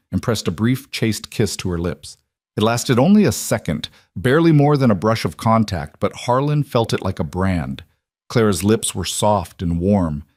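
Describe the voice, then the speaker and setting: A man narrating a western romance story in a calm, measured scripted reading. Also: lowish voice, no room sound, studio quality.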